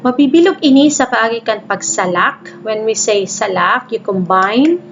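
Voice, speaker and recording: A woman's voice: fairly high pitch, lively intonation, normal speed. A woman teacher gives a recorded reading lesson, explaining in English mixed with Bikol words and reading syllables aloud one by one. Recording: dull lo-fi recording with faint noise.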